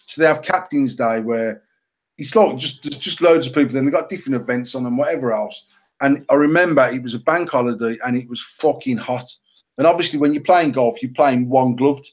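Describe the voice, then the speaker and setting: A middle-aged British man co-hosting a casual podcast, telling an animated, self-mocking story full of swearing. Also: medium pitch, fairly quick. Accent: British English. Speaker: podcast co-host.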